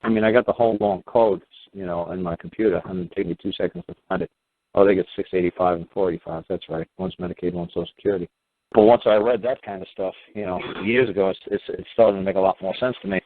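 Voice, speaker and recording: Talking fast in a low, gravelly voice, an American talk-show host rambles emphatically to a caller about his views, with lots of fillers and restarts. The dry recording has a phone-like quality and faint hiss.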